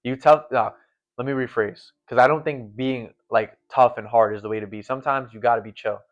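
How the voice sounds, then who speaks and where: A medium-pitched male voice, brisk and fairly even in intonation, belongs to a late-teen guest who once set for a volleyball team. His casual, earnest chat rambles along with many fillers. The recording quality is dull and lo-fi.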